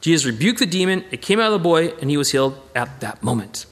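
Man, Bible study teacher, raised pitch, very expressive intonation, conversational, stumbles and restarts. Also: fast. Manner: conversational, thinking aloud with frequent restarts; animated and emphatic. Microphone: presentation with slides.

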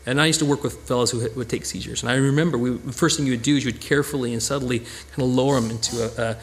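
A man leading a Bible study, explaining scripture in an earnest, conversational way with lively emphasis and frequent restarts. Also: medium pitch, rapid-fire.

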